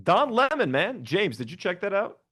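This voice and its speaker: Brief: casual male streamer, lively pitch, loose and profane. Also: moderate pace. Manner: animated, swearing, lots of fillers. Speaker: livestream co-host. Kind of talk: casual reaction stream chat.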